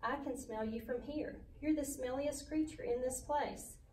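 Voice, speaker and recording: A woman's voice: high-pitched, a little slow, darkish tone, echoey room, far from the mic, a little hiss or hum, pitched above the performer's own voice. A woman voicing a rude young lamb who taunts in a storybook reading. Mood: mocking.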